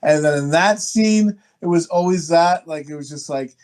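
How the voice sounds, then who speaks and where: A loud, crude man in middle age joking with friends on a podcast. He swears constantly and breaks into laughter. He keeps doing big, theatrical impressions of movie lines. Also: a little high, normal speed. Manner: rowdy, profane, laughs a lot, mimics movie lines over the top. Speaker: podcast co-host. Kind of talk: casual crude chat.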